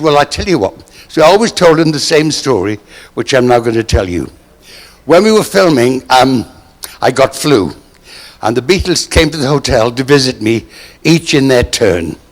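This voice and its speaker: A man's voice: mid-range voice, big-room sound. An older man from Britain tells stories to a live audience with a theatrical manner, acting out the people he quotes. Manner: theatrical, acts out quoted voices. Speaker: storyteller on stage. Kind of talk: anecdote told to a live audience.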